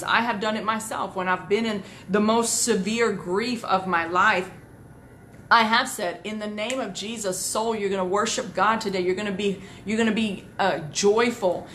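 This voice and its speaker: A woman's voice: medium pitch, a bit bright, slight background noise. A woman pastor giving a sermon, talking directly and conversationally to her listeners and repeating phrases for emphasis. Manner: repetitive, conversational and emphatic, addressing the audience directly.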